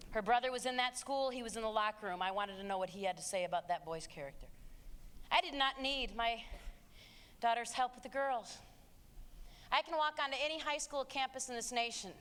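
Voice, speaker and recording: A middle-aged woman giving a live talk to students and parents in an auditorium, emphatic and sarcastic, moving between hushed asides and shouts. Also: a little high, fairly quick, clean tone. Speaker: speaker addressing students and parents. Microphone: handheld stage mic. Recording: long hall reverb.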